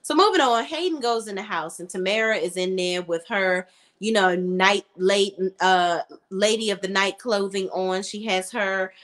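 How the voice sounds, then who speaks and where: A woman's voice: medium pitch, fairly bright tone. A woman giving a casual, blunt and slangy recap of a TV episode, full of her own opinions as a show reviewer.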